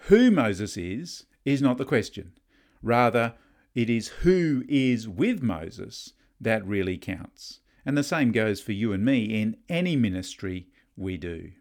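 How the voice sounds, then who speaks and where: A man's voice: lowish voice, big pitch swings, slow, darkish tone. A middle-aged man delivering a conversational sermon with humorous asides and family stories. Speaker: preacher.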